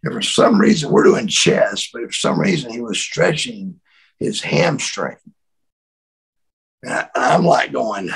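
Middle-aged male interviewee, gravelly and husky, animated storyteller who repeats himself and acts out quotes. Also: medium pitch, a little slow, rough recording. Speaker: interview guest, former wrestler.

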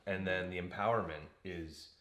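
A man's voice: sits low, steady tone, moderate pace, pushed and bright, roomy sound. A man co-hosting a podcast, chatting loosely about coaching with lots of fillers. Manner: loose and rambling, with frequent fillers. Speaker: podcast co-host. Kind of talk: casual chat.

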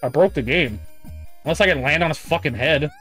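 A man's voice: on the high side, lively intonation, brisk, fairly bright tone. A man streaming a game who reads chat aloud in casual commentary, with frequent profane, sarcastic asides. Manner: profane, sardonic, frustrated asides. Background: faint game music.

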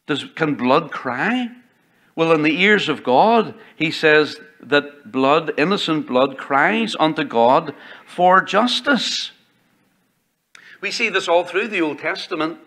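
A man's voice: fairly high pitch, lively intonation, measured pace, a bit bright. A male pastor preaching a sermon in a church, reading scripture aloud and building emphasis as he goes. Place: church sanctuary.

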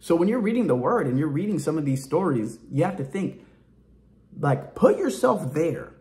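Animated, emphatic man preaching casually. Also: on the high side, moderate pace. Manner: emphatic and colloquial. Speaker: ministry speaker. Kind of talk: informal testimony preaching.

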